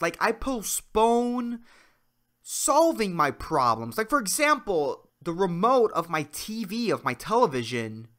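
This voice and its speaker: A man's voice: fairly high pitch, pushed and bright. A young man hosting a solo comedy podcast, ranting with lots of swearing and swinging between worked-up outbursts and mumbled asides. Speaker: podcast host. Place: Puerto Rico.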